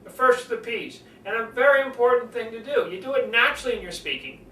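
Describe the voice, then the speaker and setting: An older man gives a public-speaking lesson to camera, fast, lively, and animated, swinging his pitch up and down to demonstrate and acting out conversations. The recording is roomy and distant, with faint noise.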